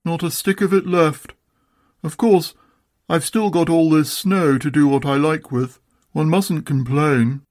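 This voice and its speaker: Man reading as a melancholy old donkey, mournful, slow, self-pitying, storybook voice. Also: a little high, fairly even intonation, darkish tone, no echo, studio quality, voice pushed up, lightly acted. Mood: gloomy. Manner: slow, mournful, sighing delivery.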